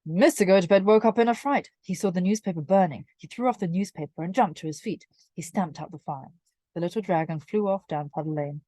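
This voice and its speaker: A woman reading a children's picture book aloud in a clear, measured way. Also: fairly low pitch, dark tone, no echo. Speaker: storyteller.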